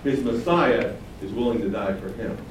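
A man's voice: fairly low pitch, normal speed. Preaching man in an echoey hall. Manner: animated preaching, voices quotes with sudden rises. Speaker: pastor. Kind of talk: sermon. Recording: very echoey room, distant mic, faint noise.

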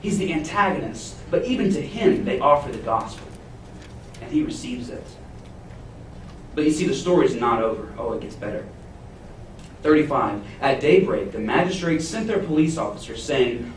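Man preaching, expressive storyteller, roomy echo, distant mic, faint ambience. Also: medium pitch, normal speed, a little hiss or hum. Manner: expressive, acts out the jailer's panic in a paraphrase. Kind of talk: sermon. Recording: echoey room, heard from a distance.

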